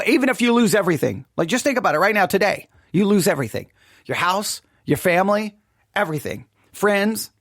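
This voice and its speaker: A man's voice: high voice, dry recording, studio quality. A man giving a devotional Bible study talk, thinking aloud with frequent restarts and rhetorical questions. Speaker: Bible teacher.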